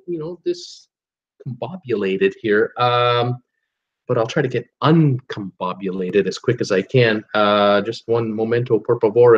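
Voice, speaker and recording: A man's voice: medium pitch, lo-fi sound. A man from Canada hosting a casual live cruise show, chatty and rambling with lots of fillers. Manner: chatty, rambling, self-deprecating, many fillers. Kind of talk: casual live-stream chat.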